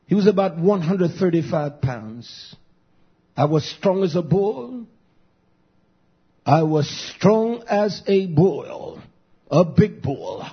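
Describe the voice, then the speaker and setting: A man preaching a fiery sermon, blunt and emphatic, moving between shouted lines and low muttering. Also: husky, muffled recording.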